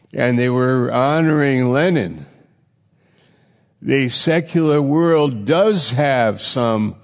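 In a large hall with long reverb, a gravelly, medium-pitched male voice delivers a sermon. He is emphatic, leaning on repeated phrases while his voice rises and falls.

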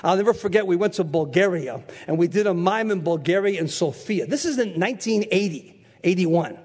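A man in his sixties preaching a sermon, telling stories in an animated way and shouting for emphasis, with a husky voice. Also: high voice, fairly quick. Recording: echoey hall.

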